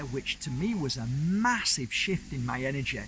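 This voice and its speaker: A man's voice: fairly high pitch, animated, measured pace, few pauses, bright, forceful tone, slight background noise, poor audio. Chatty man telling a story. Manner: chatty, rambling, enthusiastic, with fillers. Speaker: crystal channel host. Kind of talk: casual storytelling to camera.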